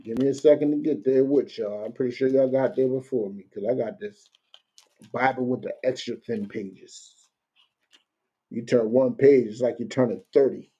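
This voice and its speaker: Man, mid-pitched, casual Bible class teacher, warm and dark tone. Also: breathy edge, highs cut off. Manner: conversational, keeps asking "you know what I'm saying"; reads verses slowly and deliberately.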